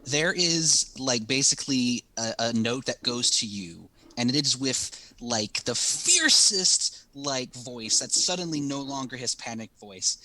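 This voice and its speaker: A man playing in a tabletop game, narrating his own moves in quick, casual table talk. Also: medium pitch, sing-song, sharp tone. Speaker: player.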